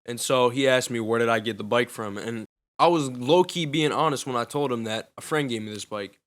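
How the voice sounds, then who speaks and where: A man's voice: mid-range voice, a little fast, a bit bright. A young man casually telling a personal story in loose, profane, slangy talk.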